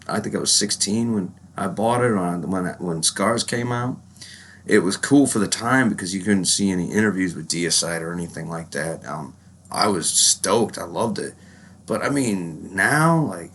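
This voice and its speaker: A man's voice: low-pitched, a bit bright, a little hiss or hum. A man with a lingering cold, ranting casually and profanely to his viewers, rambling and dropping "man" constantly. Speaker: metal vlogger. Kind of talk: casual rant to camera.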